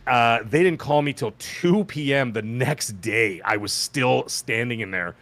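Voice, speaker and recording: A man's voice: measured pace, hardly any pauses. A man hosting a podcast, telling a long personal story in casual chat and acting out the people he quotes. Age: adult with children. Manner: animated, acts out quoted voices with pitch jumps. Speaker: podcast host.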